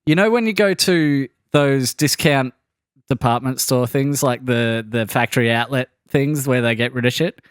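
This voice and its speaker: A man co-hosting a podcast tells a story in an easygoing way and is quick to laugh. His voice is smooth and clear at a middle pitch. The recording is dry and close. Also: no room sound. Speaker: podcast host. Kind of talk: casual chat.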